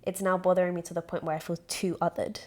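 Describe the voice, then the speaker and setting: A woman's voice: on the low side, level tone, fast, darkish tone. A woman in her twenties with a British-sounding accent, co-hosting a podcast in casual chat, rambling with many fillers and restarts. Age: 20s. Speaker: podcast co-host.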